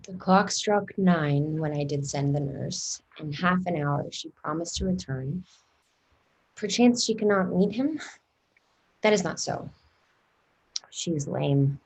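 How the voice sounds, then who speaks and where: A woman's voice: fairly low pitch, takes it slowly, pauses often, darkish tone, slight background noise. A woman reading the part of an eager young girl in love in a table read of a play, pleading and impatient. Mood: musing.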